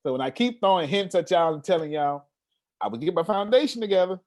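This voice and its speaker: Speaking quickly in a high-pitched voice, a man leads an online video-call meeting, giving animated, casual motivation packed with street slang and plenty of repetition.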